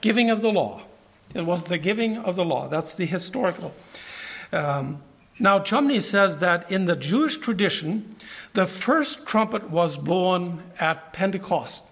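High-voiced man teaching scripture. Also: animated, unhurried, vocal fry, fairly bright tone. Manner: reads scripture aloud, then comments. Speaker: preacher. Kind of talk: Bible teaching sermon.

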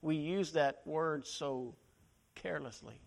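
A man's voice: a little high, slow, creaky. A male preacher delivering a sermon, dramatically acting out the lines of Bible characters.

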